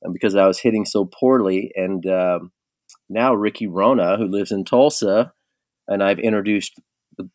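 A man hosting a podcast, chatting in a relaxed way with his guest. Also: on the low side, moderate pace, dry recording. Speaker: podcast host. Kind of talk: casual interview chat.

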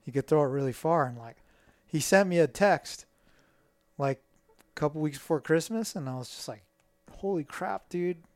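A middle-aged man spins a story as a guest, with animated delivery and acted-out quotes. His voice sits fairly high for a man. The sound is dry and close, with little room sound. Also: normal speed, pauses often, dry recording. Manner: animated, acts out quoted dialogue. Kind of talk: casual storytelling.

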